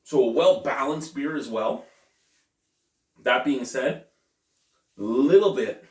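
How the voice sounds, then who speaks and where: Chatty man reviewing beer, roomy sound. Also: medium pitch. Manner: chatty, self-correcting, thinks aloud. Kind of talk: casual beer review vlog. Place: at home. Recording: roomy, mic at a distance.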